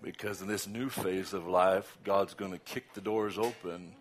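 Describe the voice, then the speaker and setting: Sitting low and keeping a fairly even intonation, this older Southern US man is a guest preacher making casual talk before his sermon. Laughter punctuates his asides, and his praise grows loud and slow.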